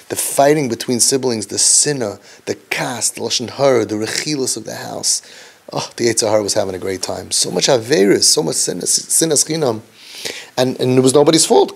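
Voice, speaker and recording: A man speaks to his community in a mid-pitched voice, earnest and preachy. He mixes Yiddish and Hebrew terms into his talk. His delivery sinks low and soft, then climbs sharply to drive a point home. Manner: dips low and soft, then rises for emphasis. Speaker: parenting counselor and speaker. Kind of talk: impassioned lecture.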